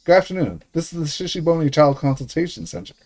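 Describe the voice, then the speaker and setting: A man's voice: fairly high pitch, fast, vocal fry, a little mellow, voice pushed up. A man voicing a formal, persistent social worker on the phone. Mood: polite. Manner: formal, polite, insistent.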